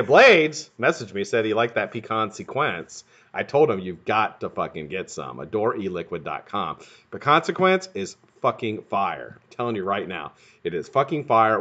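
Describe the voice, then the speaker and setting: A man's voice: medium pitch, fairly bright tone, lo-fi sound. A man hosting a live stream, chatting casually with profane, boastful jokes. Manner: profane, joking, boastful banter.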